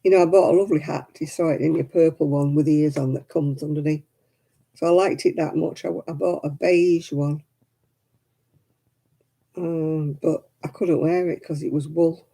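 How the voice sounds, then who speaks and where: A woman's voice: low-pitched, steady tone, normal speed, creaky, dark tone, slightly rough. A woman hosting a crafting livestream at home, chatting casually and rambling as she crochets, counting stitches under her breath. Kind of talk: casual chat while crocheting. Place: at home indoors.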